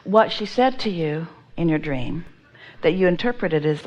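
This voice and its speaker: A woman's voice: low-pitched, lively intonation, measured pace, a little mellow, muffled recording. Woman doing a spiritual talk to a crowd, says "we", keeps asking "you with us?". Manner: speaks as "we", asks the listener to agree. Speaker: speaker at a seminar. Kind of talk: spiritual teaching to an audience.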